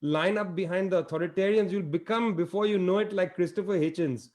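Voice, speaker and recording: Emphatic high-voiced man on a panel. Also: brisk, a little mellow. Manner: emphatic, rhetorical questions. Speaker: panel guest. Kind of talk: impassioned political commentary.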